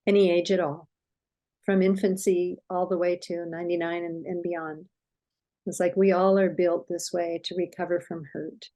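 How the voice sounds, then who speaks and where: An older woman, a parenting expert, talking gently and explaining with a story in a soothing, unhurried way. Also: on the low side, flat delivery, low-quality recording. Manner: gentle, soothing, unhurried with soft reassuring quotes.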